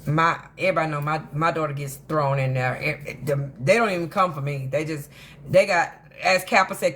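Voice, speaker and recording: A woman hosting a casual commentary monologue, telling stories in an animated, emphatic way that rambles with frequent restarts. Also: low voice, a little fast, a little hiss or hum. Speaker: host of a drama commentary channel.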